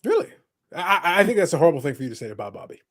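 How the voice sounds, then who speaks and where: A man's voice: on the high side, sing-song, very fast, a bit bright. A man co-hosting a podcast in casual chat, teasing his co-hosts with sarcastic banter. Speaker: podcast co-host.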